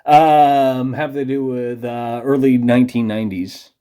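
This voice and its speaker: Man, tipsy vlogger, rambling profane conspiracy rant, dark mellow tone. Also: mid-range voice, steady tone, a little slow, clean tone. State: tipsy from drinking beer. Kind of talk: rambling monologue to camera.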